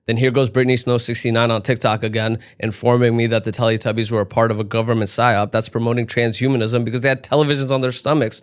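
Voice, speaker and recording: A young man from New York delivering an animated comedic monologue that swings between deadpan musing and sudden outbursts. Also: mid-range voice, fairly quick, hardly any pauses. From United States, raised in New York. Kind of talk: stand-up style comedic monologue.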